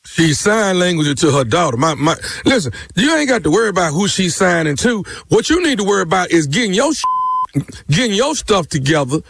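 A man's voice: sits high, sing-song, a little fast, gravelly, a bit bright, slightly rough, no echo. A man making a prank phone call on a radio show, posing as an indignant nephew. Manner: feigns an indignant churchgoer.

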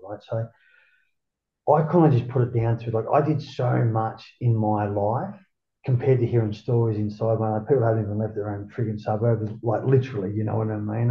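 Gravelly middle-aged Australian man, roomy. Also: fairly low pitch. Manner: rambling, profane, peppered with "mate". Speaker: interview guest. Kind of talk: casual storytelling. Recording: roomy, dull lo-fi sound.

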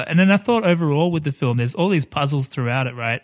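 A man's voice: a little high, animated, quick pace. Laughing, rambling podcast co-host man. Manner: laughs often, rambling and enthusiastic. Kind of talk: casual chat about a film.

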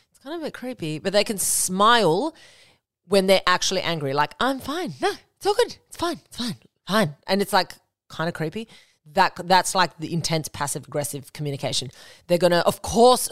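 A woman's voice: lowish voice, a bit bright, no room sound. Blunt, casual woman podcaster, dry sound. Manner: candid and blunt, swears freely, acts out quoted lines. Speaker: podcast host. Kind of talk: casual solo podcast talk.

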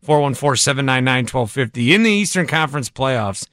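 A man's voice: mid-range voice, expressive, a little fast, fairly bright tone, dry recording. A man hosting a sports talk radio show, bantering and joking with his co-host from a studio. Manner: joking, doing impressions. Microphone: studio microphone.

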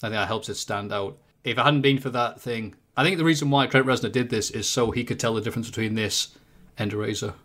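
A man's voice: mid-range voice, fast. Joking British man. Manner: jokey, animated, slips into silly voices. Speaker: podcast guest. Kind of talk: casual music chat.

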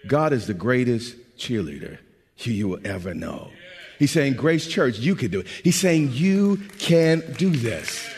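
A middle-aged male pastor preaching a sermon, going from low, quiet passages to loud, shouted exhortation. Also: big pitch swings, normal speed, in a large hall.

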